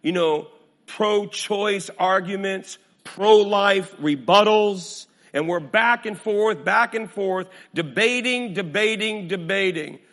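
High gravelly preaching man. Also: takes it slowly, in a large hall. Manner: dramatic swings from hushed to booming; repetitive preaching cadence. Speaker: minister. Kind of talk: sermon.

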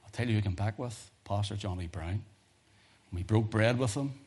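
A man preaching a sermon, telling personal testimony stories in an animated way. His voice sits low and sounds husky. He punches some lines loudly and drops others to a hush. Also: normal speed. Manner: animated storytelling, swings from loud emphasis to hushed.

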